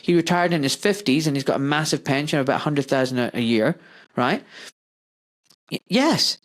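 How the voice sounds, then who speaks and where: A man's voice: fairly high pitch, animated, fairly quick. Guy doctor hosting his podcast, fired up and ranting, keeps hammering the same point. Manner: impassioned ranting, emphatic and repetitive. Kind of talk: podcast conversation.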